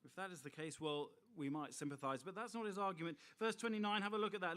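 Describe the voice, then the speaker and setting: Middle-aged male preacher, slightly high pitch, expressive sermon delivery with asides to the audience. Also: quick pace, hardly any pauses.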